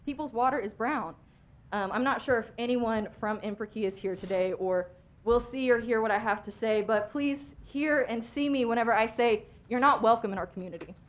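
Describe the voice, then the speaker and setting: A woman's voice: fairly high pitch, normal speed. A young woman giving an impassioned, plainspoken public comment at a city council meeting. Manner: impassioned, plainspoken, grows worked up. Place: council chamber.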